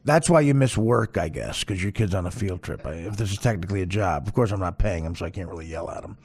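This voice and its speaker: Podcast host guy, gravelly voice, swings way up and down, foul-mouthed rambling jokes. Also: low-pitched, quick pace. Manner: crude, profane, joking with deadpan asides. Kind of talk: casual rambling monologue.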